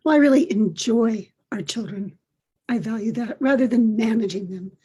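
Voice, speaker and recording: An older woman hosting a podcast, telling a personal story in a gentle, reflective way. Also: fairly high pitch, moderate pace, slightly rough. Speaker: podcast host.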